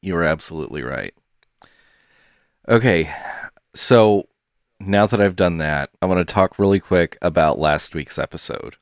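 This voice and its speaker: A man co-hosting a podcast, with a very deep voice and an unhurried way of talking. He sounds laid-back and laughs often. The recording is dry and close. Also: expressive, no room sound. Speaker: podcast co-host. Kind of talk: casual chat.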